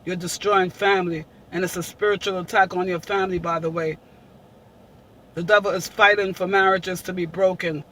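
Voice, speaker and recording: A woman's voice: lowish voice, fairly even intonation, normal speed, fairly bright tone, a little hiss or hum, low-quality recording. A woman hosting a casual vlog, talking emphatically and preaching, repeating her points. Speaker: vlogger.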